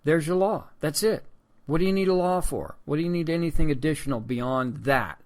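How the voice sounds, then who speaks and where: A man's voice: on the high side, fairly quick, a little mellow. A man hosting a political commentary podcast, talking in a sarcastic, rambling way and calling his listeners folks. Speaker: podcast host.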